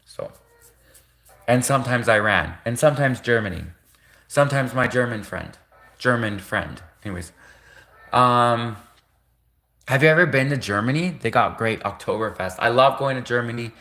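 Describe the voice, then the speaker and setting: Rambling man, bright voice. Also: medium pitch, animated, normal speed, long pauses. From Canada. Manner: rambling, repeats himself, restarts often. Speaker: livestream host. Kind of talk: rambling casual monologue.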